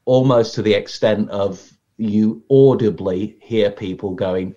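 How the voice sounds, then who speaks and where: A man guesting on a podcast as a magician, chatting in a lively, storytelling way and acting out how audiences react. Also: lowish voice, a little slow. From Britain. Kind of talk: casual podcast conversation. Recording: slightly muffled lo-fi audio.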